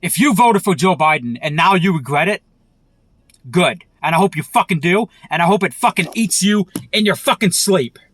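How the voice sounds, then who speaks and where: A man's voice: high voice, lively intonation, normal speed, a bit bright, dry recording. A man delivering an angry, profane political rant as a vlogger, heated and repetitive.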